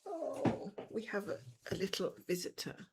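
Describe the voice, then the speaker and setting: In a very noisy recording from a room at home, a middle-aged woman with a fairly low, creaky voice talks at normal speed. She's livestreaming her cross-stitch, chatting casually and bluntly as she stitches and fusses over her cat.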